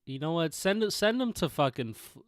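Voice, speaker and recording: Smooth-voiced, profane podcast guy. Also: on the high side, big pitch swings, moderate pace, dry recording, studio quality. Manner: loose and profane, trailing off with fillers. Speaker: sports podcast co-host. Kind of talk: casual sports chat.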